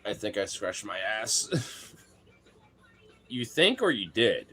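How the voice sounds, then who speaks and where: Lower-voiced man in joking banter. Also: very animated, slow pace, sharp tone, husky, faint music behind. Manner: joking, rambling slangy banter. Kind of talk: casual chat.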